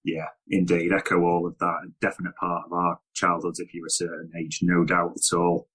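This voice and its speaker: A man with a fairly low voice hosts a podcast discussion. He talks steadily and leads the conversation with questions to his guest. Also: monotone, moderate pace, a bit bright, low-quality recording. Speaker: podcast host.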